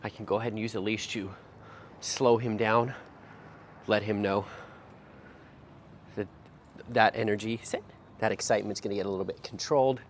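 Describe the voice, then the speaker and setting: A man working as a dog trainer, explaining each step aloud outdoors while he drills a puppy, sometimes lifting into high sing-song praise. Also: steady tone, moderate pace, pauses often, a little hiss or hum.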